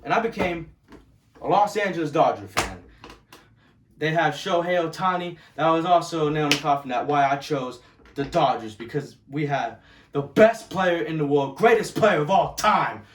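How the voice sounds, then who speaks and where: A man in his early twenties, swearing constantly as he rants casually about sports loyalty and gets loud and heated. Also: on the high side, animated, normal speed, recorded from a distance, noisy background. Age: 20s. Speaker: vlogger. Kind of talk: casual ranting monologue. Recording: echoey room, voice off-mic.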